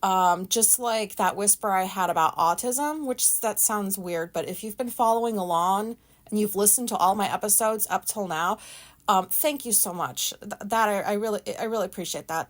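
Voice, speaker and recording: A woman hosting a solo podcast, talking loudly and frankly. She rambles and corrects herself as she goes, in an everyday voice of middle pitch. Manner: chatty, rambling, frank and self-deprecating; loud talker. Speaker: podcast host. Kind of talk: casual solo podcast monologue.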